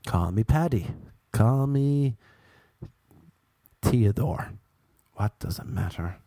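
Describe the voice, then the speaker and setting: A young man, his voice hoarse from illness and mellow in tone, rambles through self-deprecating stories. The recording is close and dry, and he jumps into higher voices when he acts out what others said. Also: lively intonation, takes it slowly, dry recording. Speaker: podcast host. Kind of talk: casual comedic storytelling.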